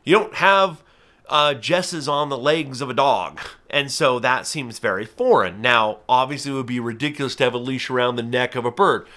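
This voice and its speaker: A man's voice: medium pitch, normal speed, bright, forceful tone. A man hosting his own channel, explaining a hobby carefully and earnestly, with everyday examples. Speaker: falconer and channel host. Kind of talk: casual educational talk to camera.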